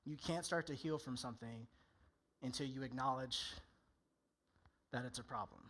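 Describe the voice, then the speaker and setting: A man's voice: medium pitch, moderate pace, fairly bright tone, slightly rough. A male pastor preaching a candid, conversational sermon in church, often acting out people's inner voices.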